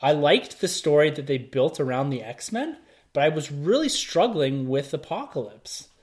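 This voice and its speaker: His voice is on the high side, sing-song and darkish, at normal speed. As a podcast host running a relaxed movie review chat, he drives the conversation and questions the others.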